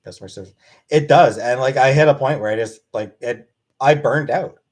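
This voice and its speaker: A man's voice: medium pitch, moderate pace. A man casually answering questions from his live-stream chat in a blunt, offhand way.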